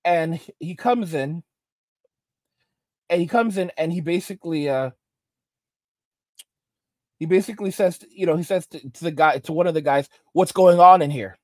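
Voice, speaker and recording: A man hosting a commentary channel, telling stories in a halting, rambling way full of restarts and preaching about manners. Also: a little high, darkish tone, dry recording. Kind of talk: reaction commentary monologue.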